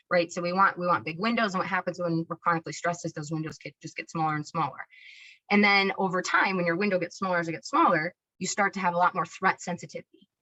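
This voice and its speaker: A woman's voice: on the low side, fairly bright tone. A woman giving an informal presentation about child behavior, talking conversationally and often checking in with "right?" and "you know". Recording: dull lo-fi recording.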